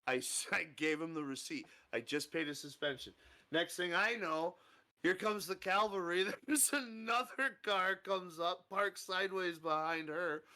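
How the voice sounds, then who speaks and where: Bright-voiced man telling stories casually. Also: high-pitched, unhurried. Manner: animated storyteller acting out quoted voices, laughs often. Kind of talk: casual storytelling chat.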